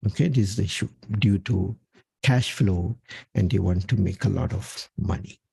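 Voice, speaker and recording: A man's voice: sits low, normal speed, vocal fry, dark tone, husky, no echo. A man presenting a health talk from slides, emphatic and punctuating his points with "okay". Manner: emphatic, repeats "okay" often. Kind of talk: talking through slides.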